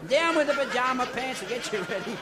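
A man voicing a cheery, bossy hospital doctor who barks brisk orders to a nurse. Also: very high-pitched, animated, crowd noise, noisy background, voice pushed up. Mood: jolly.

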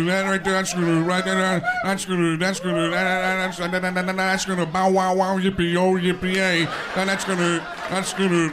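A man doing an impression of a loud, stammering, rambling male sports commentator on a live stage. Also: sits high, close to an everyday voice. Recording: live club with audience noise.

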